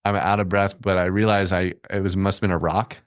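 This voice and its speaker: A man from the United States speaks in a very low, smooth and resonant voice, recounting his combat experience as a podcast guest. His delivery is casual and matter-of-fact. The dry studio recording picks up no room sound. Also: little pitch movement, fairly quick, no echo. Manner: plainspoken, matter-of-fact, with brief laughs. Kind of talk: casual storytelling in conversation.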